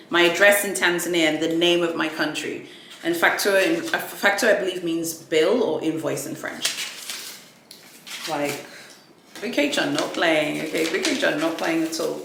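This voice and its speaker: A woman vlogger chatting casually through an unboxing, animated and full of fillers. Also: lowish voice. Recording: echoey room with faint ambient noise.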